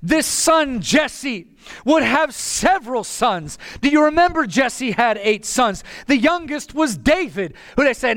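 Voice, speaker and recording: A man preaching a sermon with passion, often rising to a shout. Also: very high voice, very animated, unhurried, no echo. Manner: impassioned, bursts into shouting.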